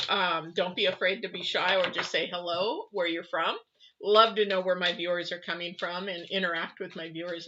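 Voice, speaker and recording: A woman's voice: lowish voice, background noise. A middle-aged woman from the West Coast, giving a chatty, earnest live tarot reading with many fillers and asides. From West Coast of the United States. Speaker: tarot reader. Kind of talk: live-streamed weekly reading. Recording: muffled lo-fi stream audio.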